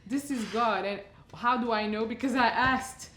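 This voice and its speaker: A woman's voice: fairly high pitch, moderate pace. Woman from portugal chatting easy over the stove, roomy echo, a little frying noise. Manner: relaxed, reflective, laughs often. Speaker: guest singer. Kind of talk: casual chat while cooking. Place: home kitchen. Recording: echoey kitchen, faint sizzling.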